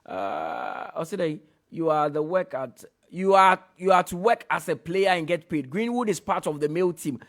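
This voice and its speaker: A man's voice: very animated, normal speed. A man with a Ghanaian accent presenting sports radio. He reads listener messages aloud, lifting his voice for each message and dropping it to comment in between. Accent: Ghanaian English. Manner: lifts his voice to read each message, then comments in a lower tone. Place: radio studio.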